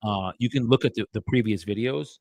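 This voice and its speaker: A man's voice: lowish voice, fairly quick, a little mellow. A man working as a real estate agent, making calls on a live stream and talking offhand asides to his viewers. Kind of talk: live-streamed cold calling with commentary.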